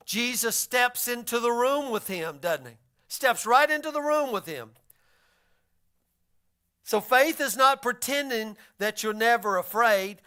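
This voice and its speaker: High, bright-voiced folksy preacher. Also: male voice, clean tone. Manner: folksy, animated storytelling. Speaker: pastor. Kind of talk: sermon.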